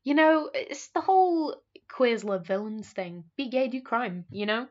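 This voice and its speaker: A woman's voice: a little high, lively intonation, a little slow. A woman voice actor chatting casually in an interview, playful and laughing often. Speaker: audio drama voice actor. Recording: dull lo-fi recording.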